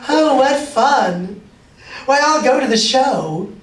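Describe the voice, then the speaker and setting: A man's voice: high voice, very animated, slow, background noise, full character voice. A man voicing a lazy, indignant runaway mother bird in a raised, squawking voice, heard in an echoey room from a distance. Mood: delighted.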